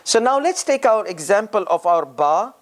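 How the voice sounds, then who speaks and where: A teacher giving a step-by-step lesson on reading, sounding out syllables one by one and thinking aloud with pauses and restarts. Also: mid-range voice, big pitch swings. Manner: drills syllables aloud, repeating each sound slowly.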